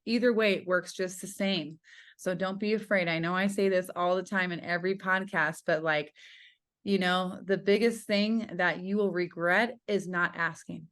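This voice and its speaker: A woman's voice: fairly low pitch, fairly even intonation, normal speed, fairly bright tone. Effusive, swearing woman podcast host. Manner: effusive, swears freely, lots of fillers. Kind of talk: casual podcast chat.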